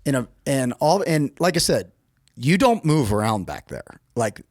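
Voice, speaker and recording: A man's voice: moderate pace, no room sound, clean studio sound. An American man, middle-aged, telling a story as a podcast guest, acting out the quotes with sudden jumps in his voice. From United States. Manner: animated, acts out quotes with lively pitch jumps. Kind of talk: casual storytelling.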